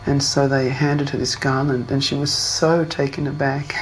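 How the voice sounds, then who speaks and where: An older woman from Australia, telling old memories in a gentle, unhurried way during an interview. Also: low-pitched, flat delivery, low-quality recording. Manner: gentle, unhurried storytelling with small fillers. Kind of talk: reminiscing interview.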